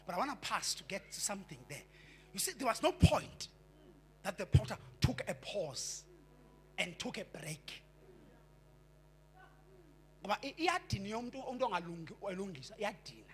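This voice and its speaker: A man's voice: sits high, very animated, normal speed, long pauses, fairly bright tone, slight background noise. A male pastor with a Xhosa accent preaching a fervent sermon, repeating and stammering into his points and mixing English with isiXhosa. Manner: switches between English and isiXhosa. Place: church.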